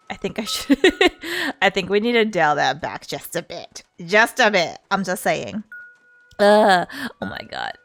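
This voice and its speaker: Lively, slow-talking woman streamer. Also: mid-range voice. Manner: chatty, laughs often, self-mocking. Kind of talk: casual live-stream chat.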